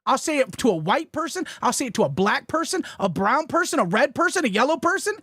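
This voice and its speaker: A man's voice: extremely high pitch, very animated, fast talker, bright, forceful tone, breathy edge, no echo, studio quality. A man from Florida arguing heatedly and defensively in a podcast talk, swearing often and with emphasis.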